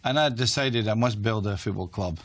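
An older man with a Glaswegian accent talks through his memories in a measured, reflective way, often restarting his sentences. His voice sits a little low in pitch. He speaks as an interview guest. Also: no echo. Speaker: retired football manager, guest. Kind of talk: interview conversation.

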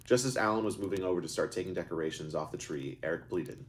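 A man's voice: sits low, fast, few pauses. A man reading his own book aloud live, stumbling and correcting himself as he goes. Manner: unscripted stumbles and self-corrections. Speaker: author and narrator.

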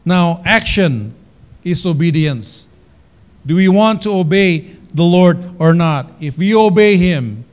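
High-voiced preaching man, Indonesian accent. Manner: earnest preaching, repeats phrases, slows for emphasis. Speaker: pastor. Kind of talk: sermon. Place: church.

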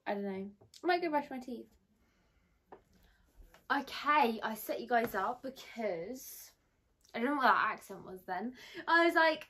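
A young woman vlogger rambles bubbly and casually to the camera of a phone on a ring light in her bedroom. Her voice has a fairly high pitch and a fairly bright tone.

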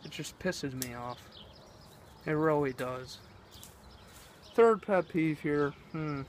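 A man's voice: fairly high pitch, slow, a little hiss or hum. A teenage boy vlogging, rambling and exasperated as he rants, swearing often. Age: teens. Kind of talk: ranting vlog.

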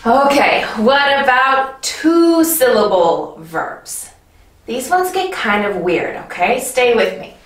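Slow, high-voiced woman teaching grammar. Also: very animated, echoey room, far from the mic, low-quality recording. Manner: clear, patient, checks in with the viewer. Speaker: English teacher. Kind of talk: grammar lesson.

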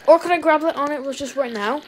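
A woman with an Irish accent giving let's-play commentary as a YouTuber, talking to herself and reacting with jumpy, excited outbursts. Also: sits high, quick pace, noisy background. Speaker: YouTuber playing a game.

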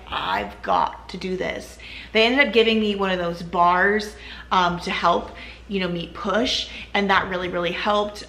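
A woman's voice: mid-range voice, sharp tone, reverberant, slight background noise. A woman vlogger casually telling her own story to camera, chatty and full of "like" and "you know".

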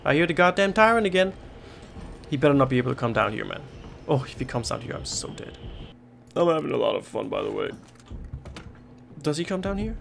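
A man's voice: medium pitch, very animated, fairly quick, vocal fry, long pauses, slight background noise. A man giving jittery, swear-filled commentary while playing a horror game, repeating himself when scared. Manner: panicky, swearing, repeating himself under stress. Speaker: gaming YouTuber.

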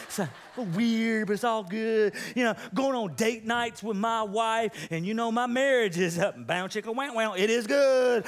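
A middle-aged man with a drawl delivers a playful sermon from a church stage. His voice sits high and comes through clean and smooth. He banters with the congregation and keeps calling for amens. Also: moderate pace. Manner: animated, joking, call-and-response with congregation. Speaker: pastor. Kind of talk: humorous sermon. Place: church sanctuary.

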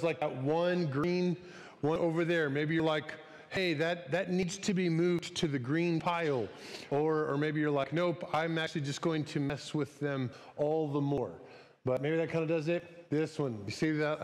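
Chatty pastor in a reverberant hall. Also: male voice, fairly high pitch. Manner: chatty, conversational, acts out little quoted voices. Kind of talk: casual sermon. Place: church sanctuary. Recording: church hall with long reverb.

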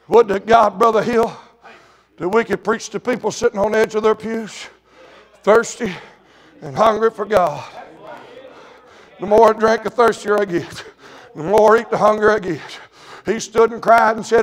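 A preacher with a very high, ringing voice delivers a revival sermon in church. He drops low to tell a story, then climbs into shouted, drawn-out cries. Middle-aged, fervent, with a chanting rhythm. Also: some chatter behind. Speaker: evangelist preacher.

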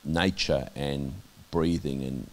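An Australian man sharing candid testimony in an interview, earnest and halting, with many restarts and a voice that drops soft at times. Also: rumbling low, fairly even intonation. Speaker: interviewee, minister.

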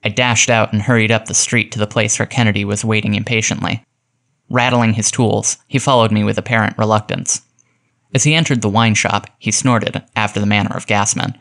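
A man reads a classic mystery aloud in a measured, steady storytelling delivery. His voice sits somewhat low. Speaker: audiobook narrator. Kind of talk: scripted audiobook narration.

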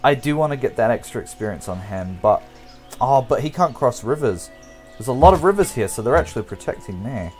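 A man's voice: mid-range voice, lively intonation, a little fast, a little mellow, soft background music. A man giving casual, jokey gameplay commentary, rambling and talking straight to his viewers. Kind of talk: casual let's-play commentary.

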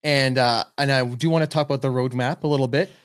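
A man hosting a webinar talks at a rapid clip and a mid pitch. He sounds eager to move the conversation on, heard over a video call. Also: fairly even intonation, smooth. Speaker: webinar host.

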